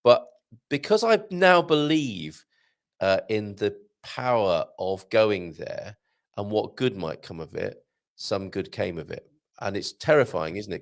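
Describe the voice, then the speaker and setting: A middle-aged man hosting a live show, chatting and joking as he reads out viewer comments and laughing often. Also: lowish voice. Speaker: show host.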